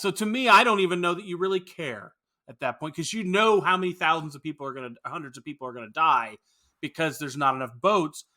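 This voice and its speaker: A podcast co-host chats casually about a film, offering strong opinions and swearing freely. His voice is a little high, pushed and bright.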